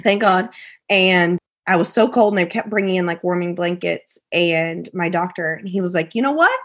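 A woman, a podcast guest telling an emotional personal story, animated and quoting people in a raised voice. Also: fairly low pitch, moderate pace.

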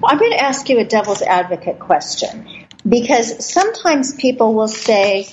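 A woman's voice: a little high, very animated, moderate pace, highs cut off, a little hiss or hum. A woman hosting an interview podcast, asking questions and praising her guest effusively. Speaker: podcast host. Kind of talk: casual interview talk.

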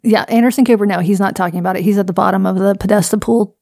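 Gravelly woman with dry wit. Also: mid-range voice, fairly even intonation, racing, darkish tone, no room sound. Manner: dry, needling. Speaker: podcast co-host. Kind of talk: casual banter.

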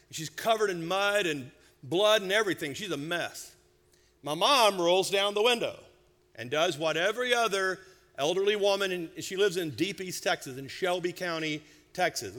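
A middle-aged man preaching a sermon, telling a humorous family story with lively, animated delivery. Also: sits high, normal speed. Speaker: senior pastor. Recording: church hall reverb.

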